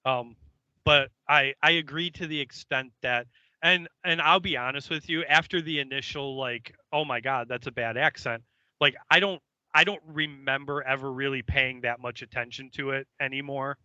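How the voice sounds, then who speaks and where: A man co-hosting a casual podcast, easygoing with a deadpan sarcastic streak. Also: mid-range voice, moderate pace, clear, resonant tone, dry recording, lo-fi sound. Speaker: podcast co-host. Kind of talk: casual chat.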